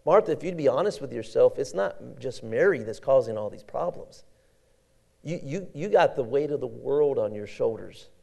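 A man voicing a calm, gentle male teacher who speaks softly, slowly and solemnly. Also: mid-range voice, creaky. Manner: soft, slow, solemn.

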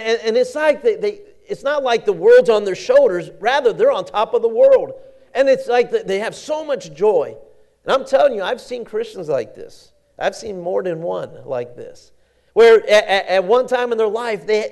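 A man's voice: high-pitched, vocal fry, a little mellow. A man preaching a sermon in a folksy, conversational storytelling way, often repeating words and restarting.

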